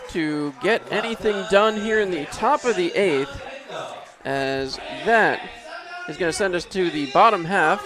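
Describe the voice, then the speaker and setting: A man's voice: a little high, moderate pace, crowd noise. A man calling baseball play-by-play from an outdoor ballpark booth, easygoing and chuckling, his voice rising sharply on big hits. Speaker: play-by-play announcer.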